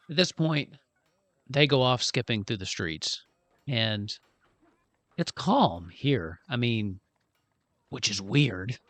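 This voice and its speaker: Relaxed male game master narrating. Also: mid-range voice, no echo. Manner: relaxed, rambling descriptions with fillers.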